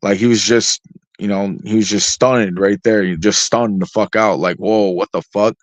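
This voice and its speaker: A man's voice: on the low side, fairly even intonation, normal speed, no room sound. A man, the guest artist in an interview, tells stories casually, swearing heavily and rambling through plenty of fillers. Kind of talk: casual storytelling. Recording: dry, slightly dull lo-fi sound.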